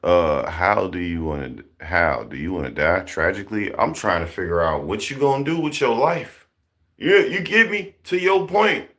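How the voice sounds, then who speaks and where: A commentary vlogger speaks with a low-pitched voice at a moderate pace. His casual, preachy commentary is animated and repetitive, full of rhetorical questions he fires off.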